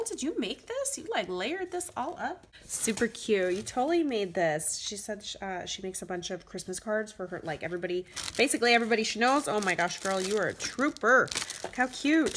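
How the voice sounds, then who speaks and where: A woman vlogging from home, unboxing craft supplies in an excited, gushing way that is full of "like" and "oh my gosh.". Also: on the high side, noisy background. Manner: gushing, says "like" and "oh my gosh" often.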